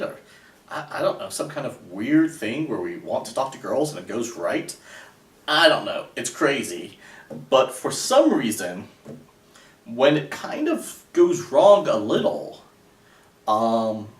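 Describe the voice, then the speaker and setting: A man giving casual dating advice in a sarcastic, rambling way, with many fillers. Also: mid-range voice. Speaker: dating coach. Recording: echoey room, voice a bit far from the mic.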